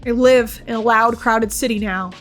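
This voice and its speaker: A woman streamer giving casual commentary on a horror game, excitable, swearing and shrieking. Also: a little high, moderate pace. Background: faint game music.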